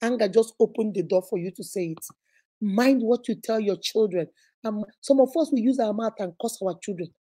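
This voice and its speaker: A woman's voice: mid-range voice, a little fast, dark tone. A woman with a Nigerian accent hosting a relationship advice livestream, speaking emphatically and preaching directly to her viewers.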